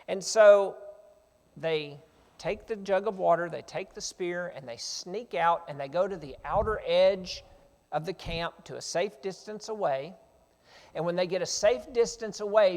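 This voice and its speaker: A man's voice: high-pitched, measured pace, a little mellow. A man preaching a sermon. He reads scripture and retells it earnestly in plain modern words. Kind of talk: sermon with Bible reading. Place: church sanctuary. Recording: reverberant church sanctuary.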